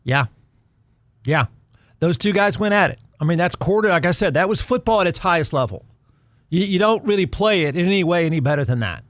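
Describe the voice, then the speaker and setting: A man's voice: high-pitched, animated, a little fast, a bit bright, dry recording, studio quality. A middle-aged man hosting a sports podcast, delivering snarky, sarcastic commentary. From Texas. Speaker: podcast host.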